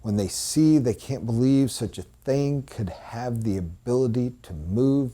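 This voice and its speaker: A man leading a sales training session, telling stories and dropping to a hushed, dramatic tone for emphasis. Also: mid-range voice, measured pace, hardly any pauses.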